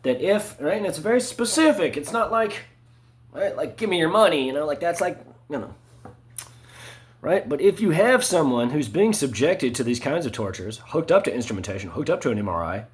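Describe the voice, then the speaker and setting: A man in a rambling monologue, full of "right?" and "you know" fillers, swinging between low mutters and sharp emphatic spikes. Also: animated, a little fast.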